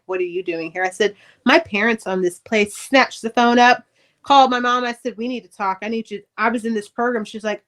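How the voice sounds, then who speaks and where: On a podcast, a middle-aged woman who is an author tells stories from her life in a candid, profane, lively way, performing every exchange. It feels like a casual interview, and her voice is slightly high-pitched.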